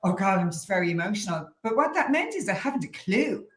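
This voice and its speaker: A woman's voice: medium pitch, sing-song, fast. A woman guest who teaches meditation talks in a candid, reflective way and laughs easily in a casual interview. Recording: roomy echo.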